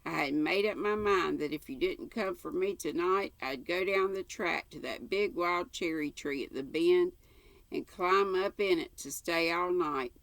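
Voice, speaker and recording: A woman's voice: lowish voice, measured pace, creaky, fairly bright tone, no echo. An older woman reading aloud and voicing a chatty, imaginative orphan girl in a breathless, eager, rambling way. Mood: eager chatter.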